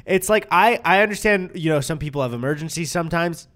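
Animated young man telling a story. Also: a little high, quick pace. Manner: animated storyteller, acts out quotes; swears casually. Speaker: podcast co-host. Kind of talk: casual chat.

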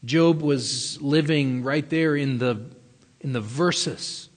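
A man's voice: mid-range voice, takes it slowly, long reverb tail. A man preaching a sermon earnestly, stressing his key words. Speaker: pastor.

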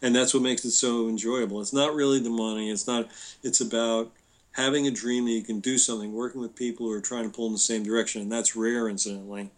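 A man's voice: mid-range voice, fairly even intonation, fast talker. An older man, a guest entrepreneur, talking casually in a podcast interview, telling anecdotes and quoting people with a chuckle. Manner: storytelling, quoting others, chuckling.

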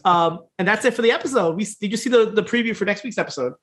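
A man co-hosting a casual podcast, recapping a TV episode in a quick, profane, laughing way. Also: high voice, a bit bright. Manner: fast, profane, laughing storyteller quoting characters. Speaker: podcast co-host.

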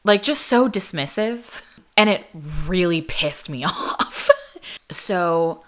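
A woman's voice: lowish voice, slow pace. A young adult woman host telling a personal story in a casual, chatty way, heavy on "like" and acted-out quotes. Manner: chatty, animated, lots of "like", acts out quoted voices. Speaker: podcast host.

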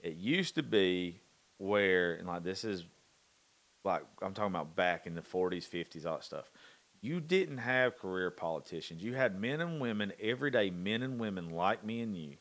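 A man's voice: low voice, lively intonation, normal speed, fairly bright tone. A man with a Southern accent talking politics in a casual chat, profane and emphatic, often repeating himself as he drives a point home.

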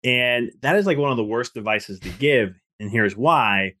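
A man talking as a podcast guest, an author telling animated stories with lots of restarts. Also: mid-range voice. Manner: fast, animated storytelling with frequent restarts. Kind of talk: casual podcast conversation.

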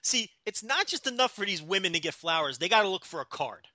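A man's voice: sits high, very animated, quick pace, sharp tone, no echo. A man co-hosting a casual podcast from home, trading teasing, argumentative banter. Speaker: podcast co-host. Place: home, beside his wine rack.

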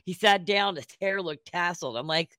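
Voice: mid-range voice, normal speed, pushed and bright. A podcast co-host in casual chat, playfully teasing.

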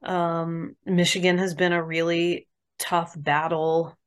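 A woman's voice: lowish voice, flat delivery, takes it slowly, smooth. A young adult woman, a party chair, chatting upbeat and casually as a podcast guest, with many fillers.

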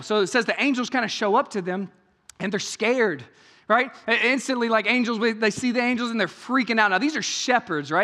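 A man preaching a sermon in a church, talking conversationally, asking many rhetorical questions and moving between hushed, intimate passages and raised, emphatic ones. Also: sits high, long reverb tail. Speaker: pastor. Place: church sanctuary.

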